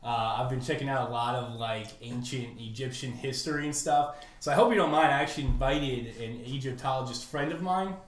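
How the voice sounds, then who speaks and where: A man's voice: medium pitch, fairly quick. A man co-hosting a podcast in casual banter, dry and joking, often laughing. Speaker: podcast co-host. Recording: roomy room echo.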